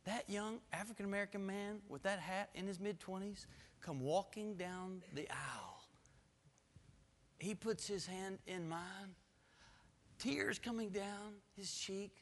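Guy preaching a sermon, high bright voice, lively storytelling, echoey hall. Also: measured pace. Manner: animated storytelling, laughs and builds emphasis. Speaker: pastor.

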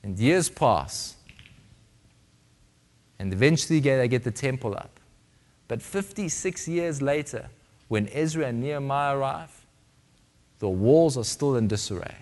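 A man preaching a sermon, dramatic, swinging between loud emphasis and hushed, quiet passages. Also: mid-range voice, animated, measured pace, long pauses.

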